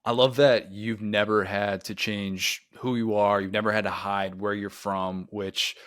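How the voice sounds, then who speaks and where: A man with a lowish voice hosts a sports podcast. He asks thoughtful, conversational questions. The recording is dry and close. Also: flat delivery, measured pace, fairly bright tone, no room sound. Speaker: podcast host. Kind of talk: casual podcast interview.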